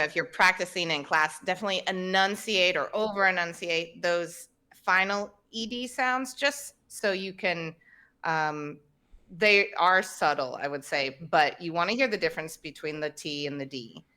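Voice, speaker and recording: A woman's voice: lowish voice, moderate pace, sharp tone, smooth. A woman teaching English on a podcast, giving practical, conversational advice to learners. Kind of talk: podcast lesson.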